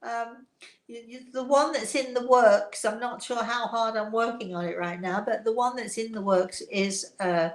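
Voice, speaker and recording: A woman's voice: a little high, fairly even intonation, moderate pace. An older woman with an English accent, a spiritual author answering viewer questions in a casual, encouraging way with many fillers. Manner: chatty, warm encouragement, laughs often, hesitant fillers. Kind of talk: casual live Q&A chat. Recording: echoey room sound.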